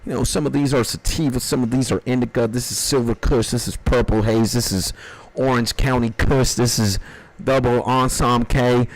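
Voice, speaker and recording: A man's voice: medium pitch, steady tone, normal speed, natural voice, poor audio. A man voicing his friend, an eager young weed connoisseur who rattles off a chatty, technical sales spiel.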